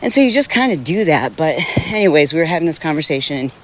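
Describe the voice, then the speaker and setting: A woman's voice: low voice, very animated, quick pace. A middle-aged woman hosting a solo podcast outdoors, talking in a candid, rambling and emphatic way. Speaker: podcast host. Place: outdoors on a rainy ocean sidewalk.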